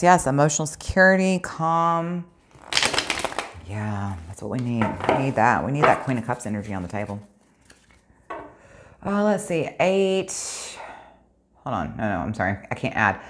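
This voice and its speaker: Lady doing a tarot reading, low voice, earnest and preachy, talking right at her viewers. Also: slight background noise. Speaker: tarot reader.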